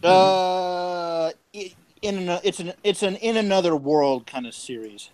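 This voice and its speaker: A man's voice: high-pitched, a little slow, a little mellow, smooth, no echo, low-quality recording. A man on a podcast in casual chat, blunt and sarcastic with frequent swearing, talking from home. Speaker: podcast co-host. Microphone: home mic over internet.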